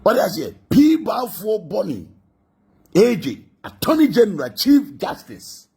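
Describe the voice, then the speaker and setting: Ghanaian man, husky and high, lively singsong delivery, mocking gossip commentary full of laughs. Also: measured pace. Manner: laughing, mocking, mixing languages.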